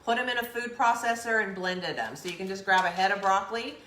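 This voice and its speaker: A woman's voice: mid-range voice, quick pace, sharp tone, echoey room, a little hiss or hum. A woman hosting a casual live-stream recipe chat from a home kitchen, talking while she eats. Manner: chatty, talks while eating. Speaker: cooking show co-host.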